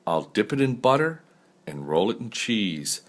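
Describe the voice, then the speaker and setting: A man's voice: fairly low pitch, big pitch swings, measured pace. Brief: firm mother cat, scolding and coaxing, read by an older man.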